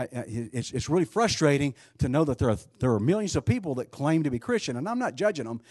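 A man's voice: a little high, a little mellow, breathy edge, no room sound, clean studio sound. A man preaching a sermon, emphatic, asking rhetorical questions and often restarting his sentences.

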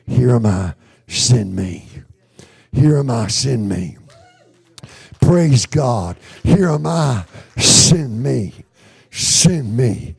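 A man's voice: mid-range voice, lively intonation, very slow, gravelly, long pauses, breathy edge. A man with a Texan accent, a pastor leading his church in a fervent, repetitive sermon prayer in the sanctuary.

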